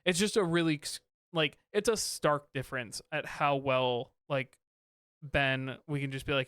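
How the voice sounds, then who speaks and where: A man in his thirties co-hosts a podcast, talking loosely about his kids with plenty of "um"s and restarts. His voice is smooth and clear and sits a bit high for a man. It is recorded dry on a close mic. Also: fairly even intonation, normal speed, bright, forceful tone, no room sound. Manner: rambling, many fillers and restarts. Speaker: podcast co-host, father. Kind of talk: casual chat.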